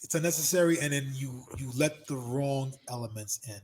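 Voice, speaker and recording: In Los Angeles, a middle-aged man hosts a casual podcast chat, telling stories with animation and loudly acting out other people's lines. His voice is mid-range at a normal speed, with slight background noise.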